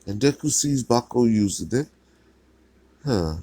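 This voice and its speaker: A man's voice: medium pitch, expressive, measured pace, mellow, no room sound. A man narrating a fan story in a casual, rambling way with fillers and restarts.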